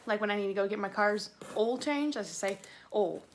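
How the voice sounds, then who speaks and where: A young woman from Tennessee with a Southern accent, chatting excitedly through a plant unboxing on her vlog. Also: mid-range voice, fast talker, noisy background. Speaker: plant YouTuber.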